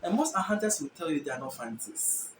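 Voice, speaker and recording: A host from Ghana giving an explanatory language lesson, thinking aloud and slowly repeating each word. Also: medium pitch, big pitch swings. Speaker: channel host teaching languages. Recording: echoey room with faint background noise.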